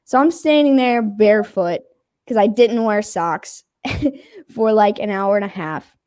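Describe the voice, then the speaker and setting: A woman's voice: medium pitch, a little slow, dry recording, clean studio sound. A young adult woman casually telling a story, acting out what people said, laughing and swearing as she goes. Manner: animated, acts out quotes, laughs, swears casually.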